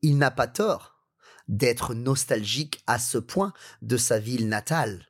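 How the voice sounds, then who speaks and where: A man with a French accent, co-hosting a language lesson, reading a text in chunks and asking quick questions. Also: medium pitch, slightly rough. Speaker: native-speaker co-host. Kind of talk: reading a text aloud and chatting.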